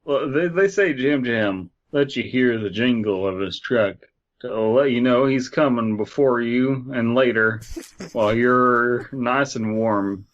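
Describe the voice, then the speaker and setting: A man co-hosting a comedy podcast, reading a spooky story and dropping deadpan, absurd quips. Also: mid-range voice, measured pace, muffled recording. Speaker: podcast co-host.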